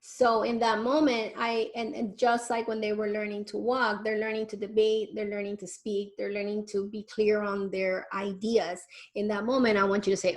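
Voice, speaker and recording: A woman in her forties, a parenting educator, giving an online lecture in a lively, conversational way and addressing parents directly with rhetorical questions. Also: mid-range voice, normal speed. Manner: animated, speaks straight to parents with rhetorical questions; conversational, with fillers and restarts.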